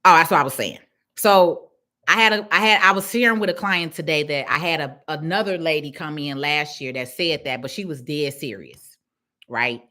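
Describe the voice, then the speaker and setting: Emphatic, preachy woman with a bright voice. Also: low voice, normal speed. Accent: Chicago. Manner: preachy, emphatic, repeats herself. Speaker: small business owner speaking live to followers. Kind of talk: casual live-stream pep talk.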